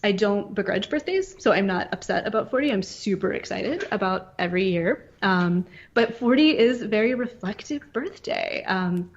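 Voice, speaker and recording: A woman's voice: mid-range voice, lively intonation, normal speed, hardly any pauses, lo-fi sound. Reflective woman in her late thirties. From northern Virginia. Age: late 30s. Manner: reflective, rambling with many fillers. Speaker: podcast co-host. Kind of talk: casual podcast chat.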